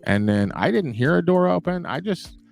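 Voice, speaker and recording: A man hosting a casual show, telling a long story in an animated, profane, rambling way. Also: on the high side, normal speed, creaky, faint music behind.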